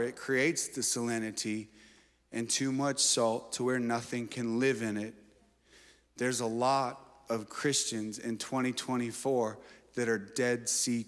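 Man preaching in a reverberant hall. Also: medium pitch. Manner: preaching with shouted exhortations and playful asides. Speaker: pastor. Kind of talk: sermon. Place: church auditorium.

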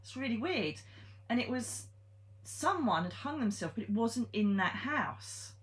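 A woman's voice: a little high, big pitch swings, unhurried. Chatty, blunt woman telling a story. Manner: chatty and blunt, with frank swearing and many ums. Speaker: psychic medium telling a ghost story. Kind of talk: casual storytelling monologue.

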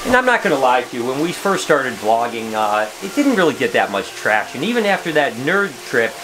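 Chatty excited man vlogging. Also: medium pitch, moderate pace, noisy background. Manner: chatty and excitable, addresses viewers as guys. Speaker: vlogger host. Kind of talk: casual vlog talk to camera.

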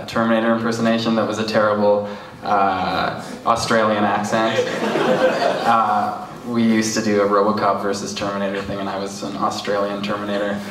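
Give me a lowish, monotone actor answering a Q&A from far off in a theater. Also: male voice. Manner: halting, self-deprecating, many fillers. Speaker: actor in the film. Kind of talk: live Q&A answers. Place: cinema hall after a screening. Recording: roomy, distant mic, faint ambience.

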